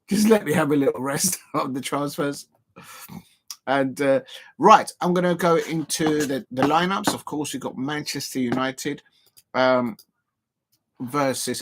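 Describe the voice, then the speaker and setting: A man talks casually through a live football stream, speaking from a seated spot at home. His pitch sits in a middle range, and he meanders, restarting sentences and filling gaps with ums. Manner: rambling, many ums and restarts, chatty asides to viewers.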